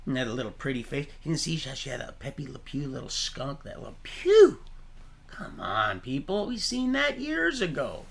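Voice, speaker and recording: A man hosting a livestream, rambling from topic to topic in an animated, preachy way and laughing at his own remarks. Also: medium pitch, moderate pace, creaky, hardly any pauses. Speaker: livestream host.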